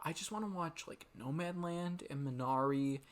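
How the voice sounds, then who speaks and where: A man's voice: a little high, normal speed. A young man co-hosting a podcast, chatting casually about a film, rambling with frequent restarts and laughs. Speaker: podcast co-host. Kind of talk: casual film review chat.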